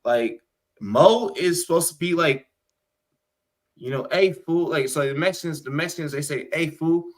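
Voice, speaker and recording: A man's voice: fairly high pitch, moderate pace. A man hosting a sports podcast, talking in a rambling, emphatic, profane way. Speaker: podcast host. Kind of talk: casual sports chat.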